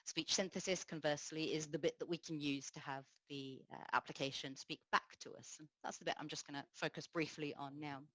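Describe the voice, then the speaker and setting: A woman speaking low as she delivers a technical conference talk. She explains things in a measured way, with many small pauses and fillers. The sound is close and dry. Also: fairly even intonation, a bit bright, dry recording, poor audio.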